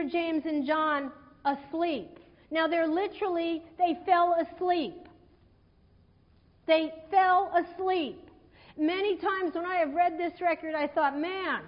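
High-voiced woman preaching in a reverberant hall. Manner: conversational, animated retelling with acted quotes. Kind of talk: sermon. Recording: dull sound in a hall with long reverb.

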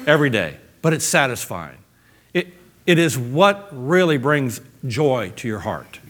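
A man's voice: medium pitch, sing-song, a little slow, fairly bright tone. A man preaching a sermon in a playful, emphatic way, cracking jokes and acting out little quotes as he goes.

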